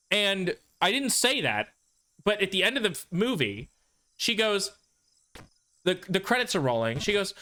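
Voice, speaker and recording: A man's voice: sits high, very animated, normal speed, long pauses, pushed and bright. A man streaming a video game, telling a rambling, profane story to his chat. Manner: profane, ranting, self-deprecating. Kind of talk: casual storytelling while gaming.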